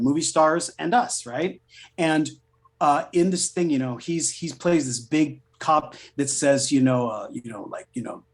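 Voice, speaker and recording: Middle-aged male voice actor as guest, chatty storyteller, animated and profane. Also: fairly high pitch. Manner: chatty, animated, swears freely. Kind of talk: casual storytelling interview.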